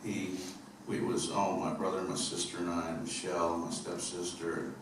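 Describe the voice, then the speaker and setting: A man from upstate New York spins loose, humorous stories between songs, full of fillers and asides. His voice sits very low. The live theater recording is heavily echoey and noisy. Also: flat delivery, normal speed, far from the mic. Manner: rambling, humorous storytelling with fillers. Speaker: singer-songwriter on stage. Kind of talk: stage banter between songs. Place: theater stage at a live concert.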